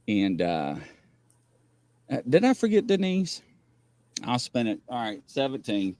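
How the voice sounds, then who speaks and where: Speaking at a measured pace in a mid-range voice with no echo, this paranormal variety show host keeps his casual livestream lively. He tells rambling, animated stories punctuated by frequent laughter.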